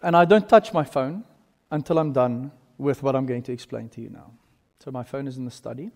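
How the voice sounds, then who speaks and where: A man in his thirties with a South African accent, preaching a sermon as pastor, telling stories animatedly and swinging between loud and hushed. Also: mid-range voice, brisk. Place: large church hall. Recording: long reverb in a church hall.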